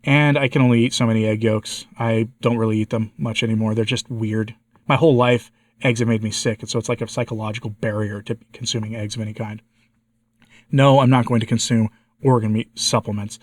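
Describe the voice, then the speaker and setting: An American man with a congested and slightly hoarse voice, giving a candid personal update to his viewers and asking them for advice. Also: lowish voice, steady tone, brisk, no room sound, clean studio sound. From United States. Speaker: vlogger, channel host.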